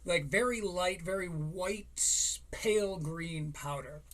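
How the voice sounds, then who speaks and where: A man with a high voice hosts a podcast, speaking slowly as he tells a story in a casual, profane way, often laughing between lines.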